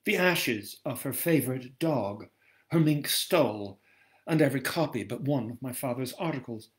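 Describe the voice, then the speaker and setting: A man reading his own novel aloud in measured first-person storytelling, heard over a video call from home. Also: mid-range voice.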